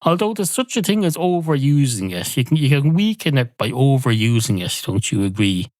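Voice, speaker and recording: A man's voice: medium pitch, sing-song, a little fast, a little mellow, no echo, pitched above the performer's own voice, natural voice. A man voicing a cautious, rule-bound barman who frets about breaking regulations. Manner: fussy, worried about breaking rules.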